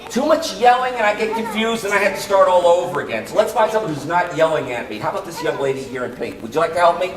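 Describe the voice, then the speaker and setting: Fast and expressive with hardly any pauses, a high-voiced man presents a fun gardening routine to little kids as an extension educator, teasing them and leading call-and-response. The recording comes from a distance in a large echoey indoor hall, with loud children in the crowd.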